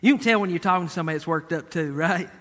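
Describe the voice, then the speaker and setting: A man's voice: fairly high pitch, rapid-fire, fairly bright tone, in a large hall. A male pastor preaching a sermon, speaking emphatically, repeating key words and addressing the congregation directly.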